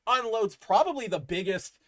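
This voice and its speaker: A man co-hosting a podcast, excitedly retelling a story in a rambling, casual way full of fillers. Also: sits high, moderate pace. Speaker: podcast co-host. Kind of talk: casual comic book chat.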